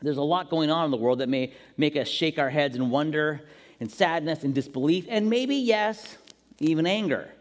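A man preaching a sermon as pastor, animated and jokey, acting out quotes as he goes. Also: on the high side, normal speed. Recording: long reverb in a large hall.

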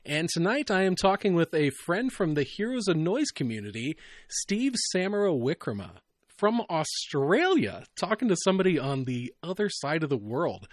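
Slightly high-voiced male podcast host. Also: sing-song, normal speed, dry recording, studio quality. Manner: laughing, loose, full of fillers. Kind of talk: casual podcast chat.

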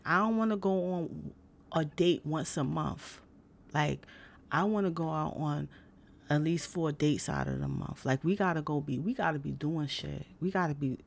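Blunt, swearing woman with a gravelly low voice. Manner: blunt, heavy swearing, lots of fillers. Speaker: vlogger. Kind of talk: casual rant to camera.

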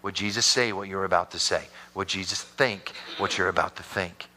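Bright-voiced animated male pastor preaching. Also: normal speed, a little hiss or hum. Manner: animated storytelling preacher with sudden high-pitched bursts. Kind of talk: sermon.

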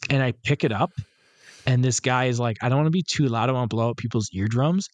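A podcast co-host, a man with a mid-range voice who talks fast, tells a rambling, profane story in a casual storytelling chat, acting out the quotes. There's no echo.

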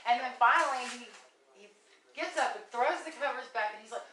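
A woman hosting a podcast, telling a story in an animated way and laughing often. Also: fairly high pitch, fast talker, slight background noise. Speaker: podcast host. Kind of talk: casual chat. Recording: roomy, distant mic.

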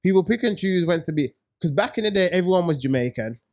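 Man, high voice, slangy, joking, storytelling podcast co-host. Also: expressive, fast, darkish tone. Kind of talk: casual podcast banter.

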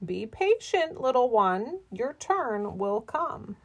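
A woman's voice: fairly high pitch, sing-song, slow, dull audio, exaggerated voice. A woman voicing a patient, kindly old mermaid grandmother in a children's storybook reading. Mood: gentle. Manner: soothing, reassuring.

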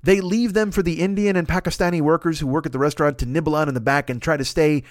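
A man's voice: on the high side, fast, no room sound, studio quality. A man telling a profane, comic story in a monologue and acting out the voices of the people in it. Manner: profane, animated, acts out voices in his stories. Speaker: podcast host.

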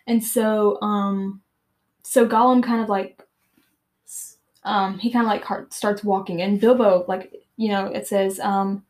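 A woman's voice: mid-range voice, fairly even intonation, a little slow, darkish tone. A teenage girl hosting a podcast, retelling and reading aloud from a book in a chatty, filler-heavy way. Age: teens. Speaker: podcast host.

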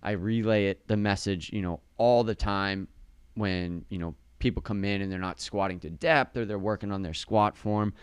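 A man's voice: on the low side, moderate pace, clear, resonant tone, no room sound. A male fitness coach co-hosting a casual podcast, talking in an upbeat coaching tone with a slight lisp from a sore tongue.

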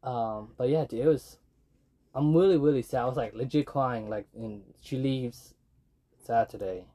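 A man's voice: medium pitch, normal speed, warm tone. A young man chatting casually, telling rambling stories full of fillers. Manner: rambling, filler-heavy storytelling. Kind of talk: casual podcast chat.

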